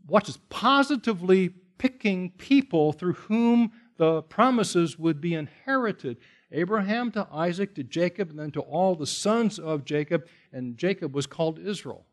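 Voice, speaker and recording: A man teaching a Bible study sermon, emphatic, repeating key phrases and asking rhetorical questions. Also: high-pitched. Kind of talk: expository sermon.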